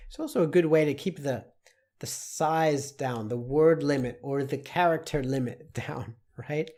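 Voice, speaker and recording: Slow, deliberate male English teacher. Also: fairly high pitch, a little mellow. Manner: slow, deliberate explaining with many examples. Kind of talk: online English lesson.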